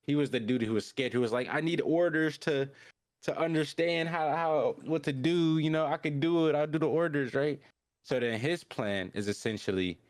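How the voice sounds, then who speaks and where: A low-pitched man talks through an anime episode on a podcast, loose and rambling. He jumps into higher voices for the characters' lines. The sound is dry and close, with no room echo. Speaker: podcast host. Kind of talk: casual anime episode recap.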